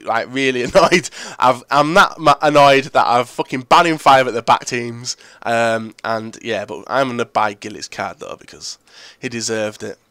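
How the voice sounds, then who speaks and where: A young man commentating his own football video game match, blunt and swearing freely with sudden loud outbursts. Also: medium pitch, no echo. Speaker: gaming video creator. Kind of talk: live gameplay commentary.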